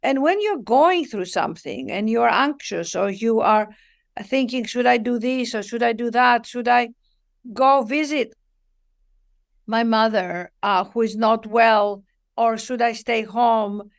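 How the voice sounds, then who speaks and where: A woman appears as a guest author on a spiritual show, talking warmly at a measured pace with some vocal fry. Her slightly high voice stretches key words for emphasis, and she often pauses to act out little quoted conversations in an expressive way.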